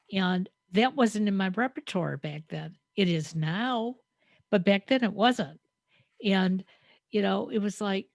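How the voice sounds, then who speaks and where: A woman's voice: fairly low pitch, unhurried, no echo. A woman co-hosting a podcast, reflective and storytelling with frequent hesitant fillers. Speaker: podcast co-host. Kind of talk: conversational podcast talk.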